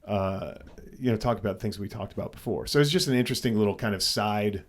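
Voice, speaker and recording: A man's voice: on the low side, quick pace. A man co-hosting a podcast, telling a story casually and animatedly, with frequent swearing and restarts. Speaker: podcast co-host.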